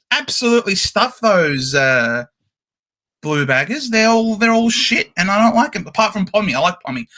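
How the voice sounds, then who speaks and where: Bright, lively high-voiced man. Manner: excitable, jokey, apologetic in jest. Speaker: podcast regular. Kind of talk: casual banter.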